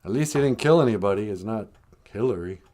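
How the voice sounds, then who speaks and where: A man's voice: fairly low pitch, lively intonation, quick pace, a little mellow. A man hosting a comedic podcast, joking sardonically and laughing at his own jokes. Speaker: podcast host.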